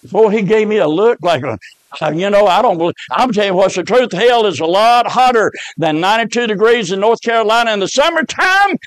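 A man's voice: high voice, lively intonation, fairly quick, dry recording, rough recording. A man, preaching a revival sermon with fervent storytelling. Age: 70s.

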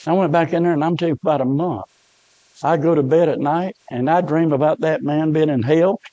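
A pastor, a man of middle age, preaching a heartfelt sermon full of stories. His voice sits a little high and the sound is dry and close, with no room echo. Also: fairly quick, dark tone, lo-fi sound. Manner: emotional storytelling preacher.

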